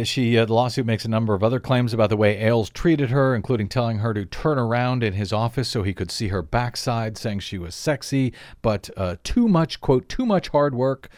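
A man's voice: medium pitch, darkish tone, no room sound, studio quality. A man hosting a talk radio show, reading out lawsuit details with wry asides and frequent fillers. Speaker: radio host. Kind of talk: talk radio news commentary.

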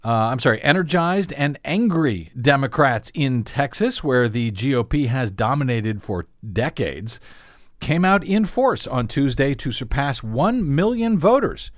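A man's voice: medium pitch, expressive, unhurried, no room sound, studio quality. A man hosting a talk radio show, wry and self-deprecating, stumbling over fillers as he talks. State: a little out of breath. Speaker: radio host. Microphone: studio microphone.

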